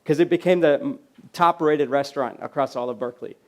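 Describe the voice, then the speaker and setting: A man with a fairly high voice gives a keynote talk at a university event. He tells stories with lively energy and often laughs. He slips into the voices of the people in his stories. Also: a little fast. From USA. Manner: animated, acts out quoted voices, laughs often. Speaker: keynote speaker. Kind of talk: storytelling keynote speech. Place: university event hall with audience.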